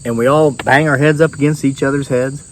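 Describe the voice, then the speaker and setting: A man spins a tall tale in a folksy, rambling drawl. He tells it loose and easy, like a yarn among neighbors, with a voice of middling pitch. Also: fairly even intonation, brisk, slight background noise. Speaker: storyteller.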